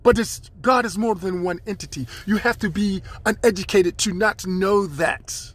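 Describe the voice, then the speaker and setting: At normal speed and in a high-sitting voice, a man on his own podcast delivers a wandering spiritual sermon laced with chanted, preachy repetition.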